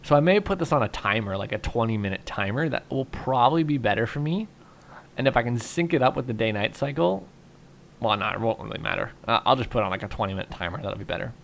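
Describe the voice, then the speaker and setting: A man's voice: medium pitch, fast, vocal fry, a little hiss or hum. A young man narrating a game casually and rambling through his thoughts with lots of fillers, tired and yawning. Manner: relaxed, rambling, thinks aloud with fillers. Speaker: gaming YouTuber. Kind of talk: casual Minecraft commentary.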